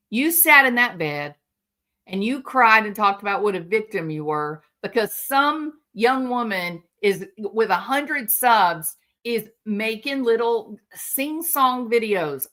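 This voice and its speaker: Pushed and bright at a medium pitch, this woman's voice carries a sarcastic, outraged commentary monologue on her stream. As the channel host, she addresses the subject of her criticism directly.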